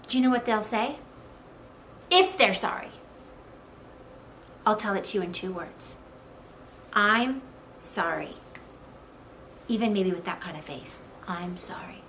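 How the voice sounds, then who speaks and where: Lively high-voiced woman giving marriage advice. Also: slight background noise, low-quality recording. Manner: animated and expressive, acting out quoted voices. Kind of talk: direct-to-camera advice talk.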